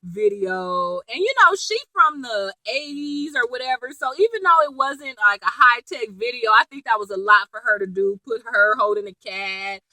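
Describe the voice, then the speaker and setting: A woman casually recapping a TV episode in a chatty, animated way, laughing and full of slang and asides. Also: fairly high pitch, moderate pace, hardly any pauses, dry recording, rough recording. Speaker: TV episode reviewer.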